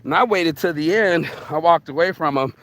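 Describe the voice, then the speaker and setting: Out picking up litter, a man vlogs as he walks, ranting bluntly and profanely in streetwise slang and calling everyone bro. His voice sits on the high side with a fairly bright tone and a moderate pace. There's no echo.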